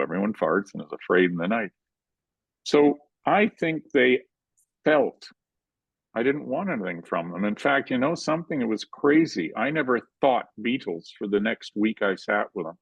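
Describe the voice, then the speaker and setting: An older man, a filmmaker, telling animated stories in an interview and acting out the quotes. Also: mid-range voice, slightly rough, dry recording, dull audio. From Canada. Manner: animated anecdotal storytelling, acts out quotes. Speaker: guest filmmaker. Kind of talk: storytelling in a conversational interview.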